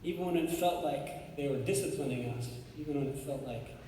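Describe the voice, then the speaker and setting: A man with a Southern Arkansas accent, from Arkansas, giving an unhurried award acceptance speech with pauses and fillers. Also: on the high side, dark tone, a little hiss or hum. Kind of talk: warm acceptance speech with anecdotes. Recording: echoey hall, from far off.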